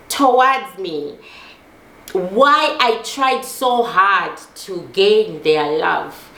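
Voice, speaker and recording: A woman's voice: mid-range voice, a bit bright, reverberant. A middle-aged woman giving an intense personal monologue, emphatic and repeating lines for force, swearing as she talks. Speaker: host.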